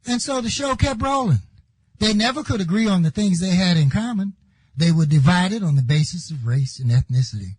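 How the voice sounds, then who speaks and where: An older man giving an impassioned speech at a conference, building his points and rising to shouts when he stresses them. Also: high voice, lively intonation, normal speed, no room sound, poor audio. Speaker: conference speaker.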